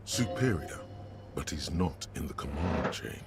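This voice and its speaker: An actor voicing the grave, measured inner voice of a detective's mind in a game. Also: male voice, very deep voice, expressive, loud music behind the voice, heavily acted. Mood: ominous.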